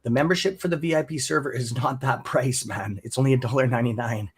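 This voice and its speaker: A man's voice: medium pitch, fast, husky. A man with a Canadian accent hosting a casual live stream and talking to viewers, rambling and friendly, calling them brother and bud. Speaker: stock trading stream host.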